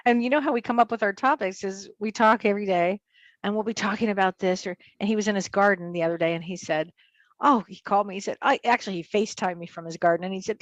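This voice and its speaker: An earnest woman in casual spiritual chat, mid-pitched and unhurried. The sound is dry and close, with no room around her voice. She murmurs agreement often while listening. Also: no echo. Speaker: co-host and spiritual medium.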